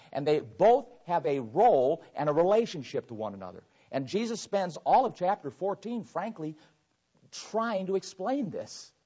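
Guy preaching a sermon, reads verses then explains them, kinda high voice. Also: breathy edge. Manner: animated preaching, reads scripture aloud and explains it. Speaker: pastor. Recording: dull lo-fi sermon recording.

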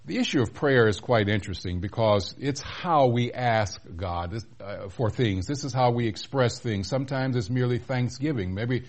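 A man's voice: medium pitch, normal speed, hardly any pauses. Male televangelist host preaching conversationally. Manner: conversational preaching with rhetorical questions. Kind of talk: televised sermon.

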